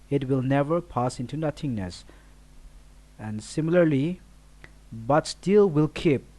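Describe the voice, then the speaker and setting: A man giving a recorded poetry lesson, explaining slowly and listing words one by one. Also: on the high side, dark tone. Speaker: teacher.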